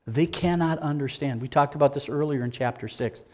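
A male pastor preaching a sermon with a fairly high voice. He repeats phrases for emphasis and keeps asking the listeners rhetorical questions. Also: a little fast.

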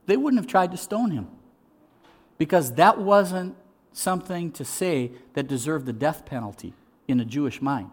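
A middle-aged man preaching a sermon as pastor, swinging from loud, lively storytelling to hushed, slow emphasis. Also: medium pitch.

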